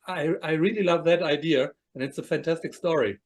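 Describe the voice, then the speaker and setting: A man's voice: on the high side, normal speed, hardly any pauses. A man hosting a podcast interview, reflecting enthusiastically on his guest's point. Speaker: podcast host. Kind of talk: casual interview chat.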